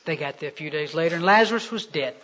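A man preaching a sermon as a storyteller, swinging between loud emphasis and hushed delivery. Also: fairly high pitch, animated, fast talker. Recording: dull lo-fi recording.

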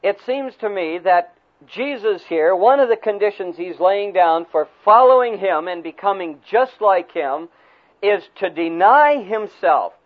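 A man preaching a sermon who retells a story in a folksy, animated way. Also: high-pitched, a little slow. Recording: tinny phone-like recording.

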